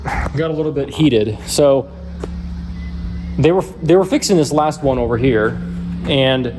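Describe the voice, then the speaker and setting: A man of ordinary pitch talks loosely through a walkthrough of his framed-up house, restarting sentences and getting lively when he retells a run-in. Faint noise sits behind him. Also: unhurried. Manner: casual, rambling, restarts, animated when retelling. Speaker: home builder filming his build. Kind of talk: walkthrough vlog. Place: house under construction.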